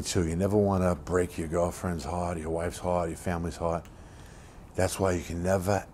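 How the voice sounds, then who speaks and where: A man playing a deep-voiced profane hulking crook. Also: a little mellow, slight background noise, lightly acted. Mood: instructive. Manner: blunt, swears constantly, streetwise lecturing. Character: hulking profane criminal man, coldly scheming. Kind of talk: low-budget film monologue.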